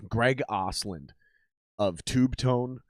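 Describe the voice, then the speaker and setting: A man hosting a podcast in a casual, animated, profane talking style. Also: medium pitch, slow pace, dry recording, clean studio sound. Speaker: podcast host.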